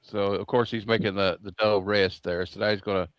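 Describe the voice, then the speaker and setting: A man's voice: on the low side, fairly even intonation, fairly quick, dry recording, dull audio. Laid-back host guy narrating a video, dry close sound. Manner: easygoing, narrates what is on screen. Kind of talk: casual chat while showing videos.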